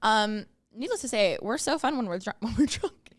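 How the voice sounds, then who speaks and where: A woman's voice: fairly high pitch, moderate pace, dry recording. A young woman co-hosting a podcast in casual chat, telling stories animatedly with lots of fillers and acted-out quotes, on a close studio mic. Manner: animated storyteller, filler-heavy, acts out quotes. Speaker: podcast co-host.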